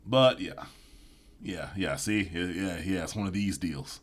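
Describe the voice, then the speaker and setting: A man's voice: low-pitched, a little slow. A man giving sarcastic reaction commentary, rambling and swearing with mock-apologetic asides. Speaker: video commentator.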